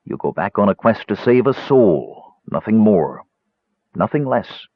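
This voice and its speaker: A man reading the part of a grave old male wizard who leads a council of mages, speaking in a solemn, measured, commanding way. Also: on the low side, sing-song, breathy edge, no echo, highs cut off, exaggerated voice.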